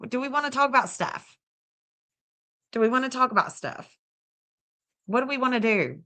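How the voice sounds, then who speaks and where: A woman's voice: high-pitched, lively intonation, moderate pace, sharp tone. Gushing woman thanking stream viewers. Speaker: livestream host and astrologer. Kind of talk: casual livestream chat.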